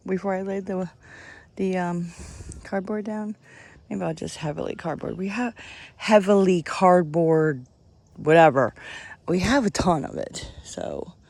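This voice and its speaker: A woman's voice: mid-range voice, gravelly, darkish tone, dry recording. A woman, chatting casually and rambling as she does yard work outdoors, holding the camera close to her face. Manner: chatty, rambling, laughs often. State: out of breath at times. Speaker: vlogger. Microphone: handheld camera close to face.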